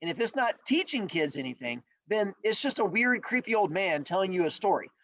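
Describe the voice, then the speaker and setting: A man teaching a class, animated and joking as he talks straight to his students. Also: sits high, brisk, no echo. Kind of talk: recorded classroom lecture. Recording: dull lo-fi sound.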